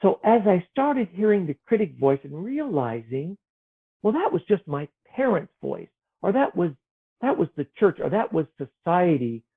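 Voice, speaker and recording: Man, gentle earnest talk, fairly high voice, lively swinging pitch, thin phone-like sound. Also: moderate pace, breathy edge. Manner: gentle, earnest, acts out his inner voices. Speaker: author guest. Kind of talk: reflective spiritual conversation. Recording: tinny phone-like line.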